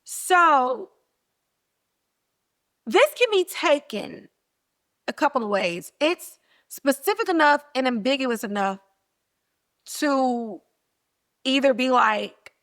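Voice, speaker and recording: Slow-talking woman recapping a TV episode. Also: high voice. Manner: animated, acts out quotes with playful put-on voices. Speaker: podcast host. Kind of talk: casual recap commentary.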